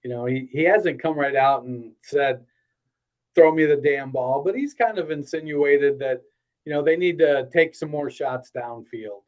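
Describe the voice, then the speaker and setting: A man's voice: fairly high pitch, moderate pace, muffled recording. Male guest analyst, blunt, salty, laid-back. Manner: blunt, salty and joking, with many fillers. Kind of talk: casual sports chat.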